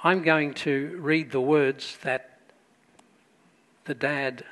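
Pastor telling a story. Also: male voice, a little high, fairly even intonation, drawn-out words. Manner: storytelling, shifting between loud emphasis and quiet asides. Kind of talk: sermon.

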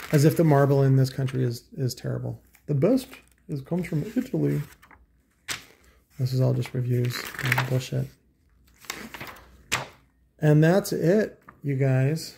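Gravelly-voiced crude sarcastic man. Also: medium pitch, dark tone, a little hiss or hum. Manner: crude, sarcastic, mocking, with scoffing asides. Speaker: vlogger reviewing audio magazine. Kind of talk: casual profane rambling commentary.

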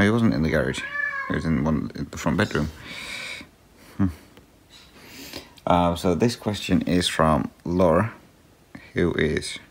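The voice sits low, with a slight hiss or hum, as a cross-stitch vlogger meanders through viewer questions in a relaxed chat. Ums and small laughs come often, and the vlogger turns to talk to a pet between answers.

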